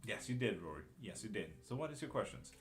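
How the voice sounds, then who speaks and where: A man's voice: lowish voice, big pitch swings, fast, faint music behind. A man reading tarot live, chatting casually and bluntly with viewers, calling them by name and swearing now and then. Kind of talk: casual live-stream chat.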